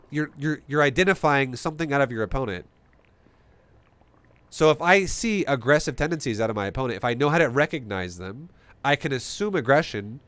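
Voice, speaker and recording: A man streaming a strategy game, explaining his play in an animated, swearing, rhetorical way. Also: mid-range voice, no echo. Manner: animated, profane, rhetorical questions. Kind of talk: live-stream commentary.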